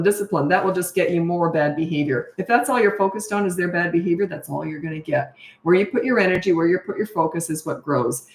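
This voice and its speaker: A woman's voice: on the low side, reverberant. A middle-aged woman, a parenting coach, answering questions in a frank, chatty way and laughing at herself. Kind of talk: casual live Q&A chat.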